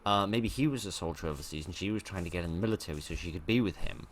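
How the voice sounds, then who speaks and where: A man's voice: low-pitched, very fast, a little hiss or hum. A British man giving casual commentary while playing a game, rambling and self-mocking with frequent restarts. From Britain. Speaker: let's play gamer.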